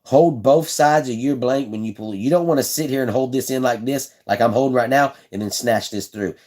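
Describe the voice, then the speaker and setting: On a live stream, this man casually demonstrates building fishing rods in a brisk, mid-range voice that's a little mellow. His phrasing is folksy and relaxed; he chats, says things more than once, and replies to people in the chat.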